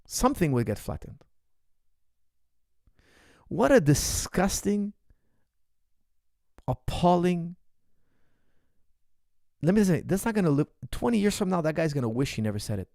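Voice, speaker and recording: A martial arts coach fields viewer questions in a passionate, unscripted monologue, his voice sitting a bit above the typical male range. He speaks with heated, emphatic conviction at a moderate pace, his gravelly, dark-toned delivery broken by long pauses and often repeating a phrase to hammer it home. The recording is close and dry, with no room echo.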